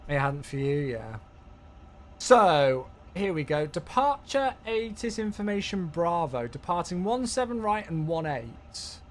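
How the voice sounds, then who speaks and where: Lively high-voiced man streaming. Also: a little slow, a little hiss or hum. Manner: chatty, thinking aloud, thanking viewers warmly. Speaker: flight sim streamer. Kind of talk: live-streamed flight sim commentary.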